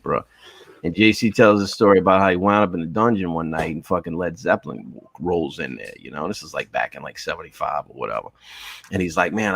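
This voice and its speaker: A man's voice: low-pitched, a bit bright, no room sound. A middle-aged man, a podcast guest telling rambling, profane stories over a video call and calling everyone bro. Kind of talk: casual storytelling chat.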